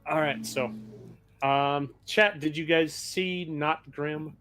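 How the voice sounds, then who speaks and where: A man acting as game master for a streamed tabletop game, talking in a casual, easygoing way as he narrates and chats with viewers. His voice sits a little high for a man, with faint music playing underneath. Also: steady tone, slow, a bit bright. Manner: casual, narrates actions and talks to chat.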